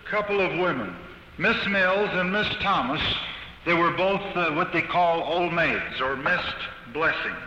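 A man giving his own testimony as a sermon, telling it earnestly with halting restarts, recorded on an old archival tape in a reverberant hall. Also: a little high, pushed and bright, lo-fi sound, a little hiss or hum. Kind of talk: sermon-style personal testimony.

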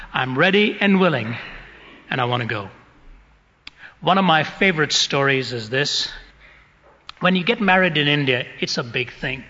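A man's voice: high-pitched, bright, forceful tone. A man preaching a sermon, telling stories in an earnest, dramatic way. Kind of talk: sermon with storytelling. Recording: muffled recording in a reverberant hall.

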